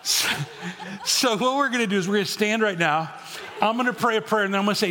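A man's voice: high voice, fast talker, bright, forceful tone, slight background noise. A middle-aged man preaching a sermon as pastor, blunt and conversational with touches of humor. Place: church auditorium. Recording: long hall reverb.

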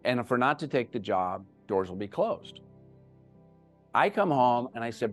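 A middle-aged man giving a talk to an audience, telling a personal story with animated, self-deprecating humor. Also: mid-range voice, normal speed, soft background music. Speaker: guest speaker.

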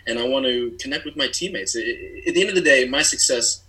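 A man's voice: medium pitch, quick pace, bright, forceful tone, poor audio. A man in his thirties, a former player, speaking earnestly and reflectively as a guest. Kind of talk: casual interview.

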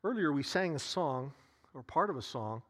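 A man preaching a sermon, repeating phrases with long dramatic pauses and sighs. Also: fairly high pitch, lively intonation, fairly bright tone. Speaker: pastor.

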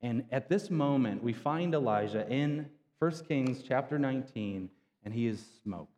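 A man's voice: mid-range voice, animated, a little slow, darkish tone. A man preaching a conversational sermon, retelling scripture in casual everyday slang. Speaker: pastor. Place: church sanctuary. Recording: long hall reverb.

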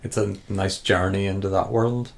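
Male co-host, gravelly lowish voice, halting reflective delivery. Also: fairly even intonation. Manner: halting, reflective, restarts mid-thought. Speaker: podcast co-host. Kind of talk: casual chat.

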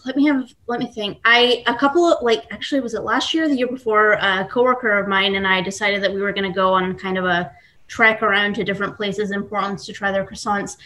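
A woman's voice: mid-range voice, fairly even intonation, a little fast, pushed and bright. A young woman talks casually as a podcast guest, rambling through her thoughts with plenty of fillers and restarts. Her talk is loose and conversational. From Scotland, raised in Texas. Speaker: guest baker. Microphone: computer mic at home.

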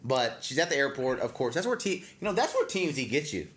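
A man's voice: medium pitch, very animated, fast, fairly bright tone. A man co-hosting a casual podcast, telling rambling stories with crude, joking humor. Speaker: podcast co-host.

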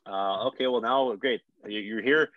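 A young man, a hockey player guest, telling stories casually in an animated way and swearing freely. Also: on the low side, moderate pace, no room sound, lo-fi sound. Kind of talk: casual storytelling.

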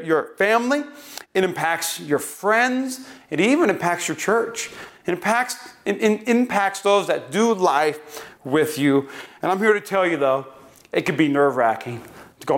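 A man's voice: on the high side, a bit bright. A man in his thirties from North Dakota, preaching a sermon and leading a closing prayer in an earnest, pleading way. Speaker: pastor. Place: church building.

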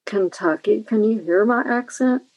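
A woman's voice: mid-range voice, moderate pace, darkish tone, no room sound, lightly acted, low-quality recording. A woman reading aloud and voicing a shy young female student who gives nervous, guarded replies.

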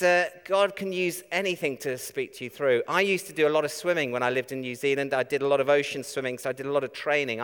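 A man's voice: mid-range voice, a bit bright, clean tone. A man giving a sermon in a conversational way, often asking the congregation rhetorical questions. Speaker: preacher. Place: church. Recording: echoey church hall.

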